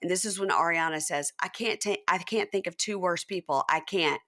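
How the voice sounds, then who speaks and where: Chatty woman host, bright and animated. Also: fairly quick. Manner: animated, acts out quotes with big pitch jumps. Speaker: podcast host. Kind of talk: casual chat, recapping.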